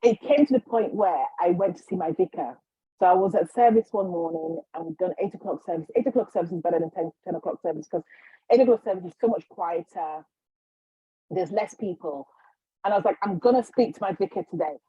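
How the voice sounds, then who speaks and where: A woman guest, a healer, telling her story in a casual, animated way, acting out the voices of others. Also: fairly low pitch, a little fast, breathy edge, no room sound, phone-quality sound. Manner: animated, acts out quotes, frequent restarts.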